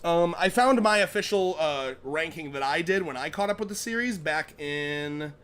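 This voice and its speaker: A man's voice: on the high side, expressive, normal speed, fairly bright tone, clean tone. A young man co-hosting a casual stream chat, rambling with lots of fillers and restarts. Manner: rambling, many fillers and restarts, laughs easily. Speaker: co-host.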